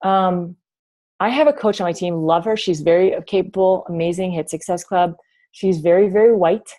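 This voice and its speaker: A woman's voice: fairly low pitch, moderate pace, mellow. Chatty, rambling woman coaching her team. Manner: chatty and rambling, full of "like" and restarts. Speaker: team coach leading a training call. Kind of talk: motivational team talk. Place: home. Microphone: video call.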